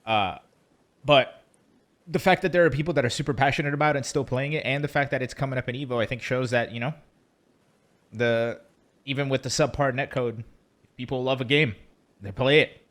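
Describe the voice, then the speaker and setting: A man's voice: medium pitch, fairly quick, pauses often, a bit bright. A man co-hosting a casual podcast, chatty and joking, rambling with fillers. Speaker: co-host.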